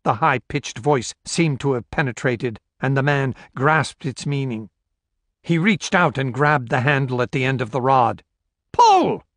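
Measured male audiobook narrator, dry. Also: mid-range voice, no echo. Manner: steady, measured storytelling with voiced dialogue. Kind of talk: scripted narration.

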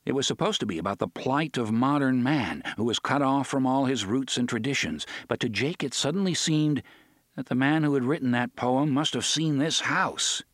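A male narrator reads a dark novel aloud in a measured, dramatic way, lingering on the grim details. His mid-pitched voice sits right on a close studio mic. The sound is dry, with no room around it. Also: animated, no echo. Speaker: audiobook narrator. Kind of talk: scripted audiobook narration.

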